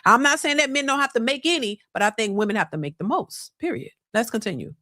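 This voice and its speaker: A woman's voice: on the high side, animated, quick pace, bright, forceful tone, no echo. Emphatic woman reaction host, dry sound. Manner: emphatic, repetitive, rhetorical questions. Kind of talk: opinionated commentary.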